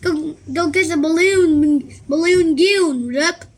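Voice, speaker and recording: A woman voicing a curious, sharp-tongued young girl who teases her friend. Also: sits high, slow pace. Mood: lively.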